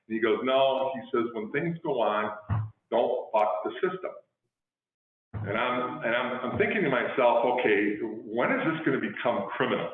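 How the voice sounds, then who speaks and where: A man's voice: medium pitch, animated, moderate pace. A middle-aged man, a police chief, giving a talk in a conversational storytelling style and acting out the dialogue in his anecdotes. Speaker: guest speaker, police chief. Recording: tinny phone-like line with heavy echo.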